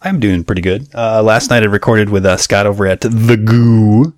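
A man co-hosting a podcast, talking in a low-key, self-mocking casual chat. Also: moderate pace, no room sound, studio quality. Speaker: podcast co-host.

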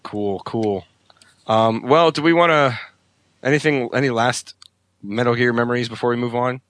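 A young man co-hosting a casual gaming podcast, excitable and quick to laugh. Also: medium pitch, dry recording. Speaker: podcast co-host.

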